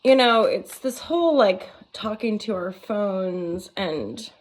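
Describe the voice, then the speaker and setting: A woman's voice: mid-range voice, animated, slow pace. A woman in her forties, a tarot reader, rambling playfully in a casual vlog, giggling and swearing freely. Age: 40s.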